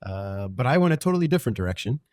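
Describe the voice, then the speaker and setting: A man's voice: medium pitch, racing, no echo, clean studio sound. Joking man co-hosting a film podcast. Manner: animated, joking, casual profanity. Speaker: podcast co-host. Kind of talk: casual film review chat.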